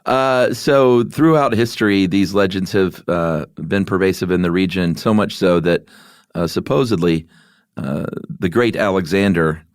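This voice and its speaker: Man, very deep voice, podcast co-host, casual chat, self-mocking humor, dry close sound. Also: measured pace, dry recording. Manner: joking, self-deprecating, slips into silly voices.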